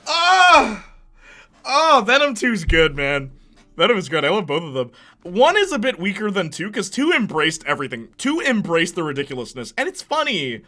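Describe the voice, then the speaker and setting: A man with a high, bright and sharp voice runs through a casual movie ranking. He swings his pitch up and down a lot, gets excitable, throws in slang and breaks into laughs as he goes. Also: brisk. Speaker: host.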